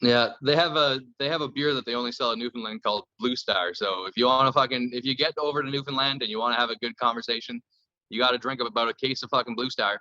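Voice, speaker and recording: A man's voice: medium pitch, quick pace, bright, forceful tone, no room sound, highs cut off. A man from Canada chatting casually on a podcast, telling loose stories full of swearing. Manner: loose, profane storytelling. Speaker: podcast guest.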